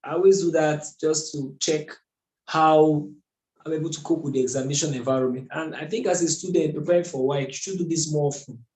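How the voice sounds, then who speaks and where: A man teaches math at a board, his voice slightly high and mellow. He works methodically and keeps asking rhetorical questions. The recording carries a roomy echo. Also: steady tone, brisk. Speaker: math tutor. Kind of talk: whiteboard lesson. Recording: echoey room.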